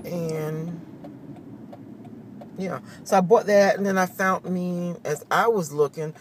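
A woman's voice: lowish voice, takes it slowly. A woman chatting casually to her viewers, laughing often and saying y'all, recorded on a phone camera. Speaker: vlogger. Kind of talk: casual morning chat to viewers. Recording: distant phone mic with steady noise.

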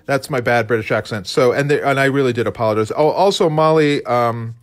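A man in casual live-stream talk, rambling and self-deprecating as he paints. His pitch sits at an ordinary middle height for a man. He chats easily with his co-host and the viewers. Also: brisk. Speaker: co-host and illustrator.

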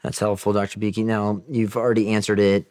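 A man hosting an interview, asking a measured conversational question. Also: on the low side, level tone, a little mellow, dry recording. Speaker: interview host.

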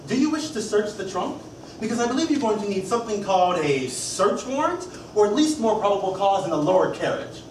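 A man's voice: sits high, very animated, fairly quick, darkish tone. An actor playing a wry young male campaign staffer who jokes and laughs often, on a stage. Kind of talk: stage play acting with direct address to the audience. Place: theater stage. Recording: echoey stage, from far off, with hiss.

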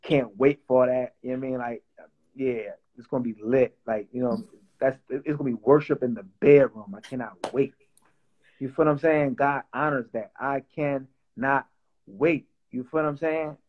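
A young man who writes and produces music talks in a relaxed, joking way, circling back on his words with plenty of fillers. His voice sits at a middle pitch for a man. The audio comes through a bit dull and lo-fi. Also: normal speed. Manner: loose and playful, lots of fillers and repeats. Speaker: songwriter and producer. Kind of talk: casual interview chat.

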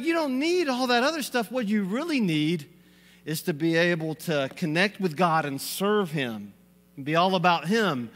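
A man's voice: high voice, a bit bright. A man preaching a sermon in a church, folksy and rambling, with lots of fillers and small chuckles. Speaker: pastor. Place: church sanctuary. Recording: long reverb of a church hall.

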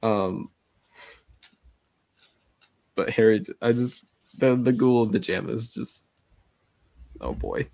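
A deep-voiced man with a gravelly, creaky edge co-hosts a casual podcast. His sound is close and dry, with no room around it. He chats loosely and drops wry, sarcastic asides. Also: takes it slowly, pauses often, a little mellow, no room sound. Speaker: podcast co-host. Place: remote call.

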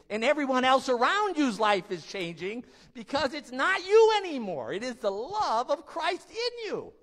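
A man's voice: high-pitched, fairly bright tone, big-room sound. A male pastor preaching a sermon in a church, telling stories emphatically and laughing now and then.

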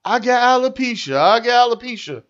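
Guy putting on a whiny complaining lady, says the same thing again and again, a bit higher than his own voice, dull lo-fi sound. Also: lively intonation, fairly quick, lightly acted. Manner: repeating the same complaint over and over. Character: whiny self-pitying woman, complaining.

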